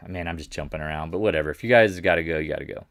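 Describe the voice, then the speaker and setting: A man with a low, deep voice hosts a live market recap in a loose, chatty way. He gets excited and rambles, hopping from one thought to the next. The sound is dry and close, with no room echo. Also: rapid-fire. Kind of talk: casual live stream commentary.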